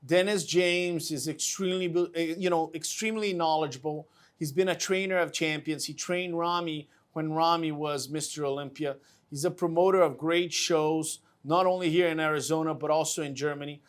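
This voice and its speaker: High-voiced enthusiastic male host. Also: steady tone, normal speed, clear, resonant tone. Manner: enthusiastic, repeats words for emphasis. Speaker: show host. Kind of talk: casual interview chat.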